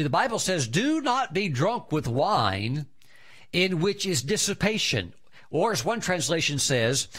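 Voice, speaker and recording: A male pastor preaching a lively sermon, telling anecdotes and breaking into exuberant shouts of hallelujah and praise. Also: on the high side.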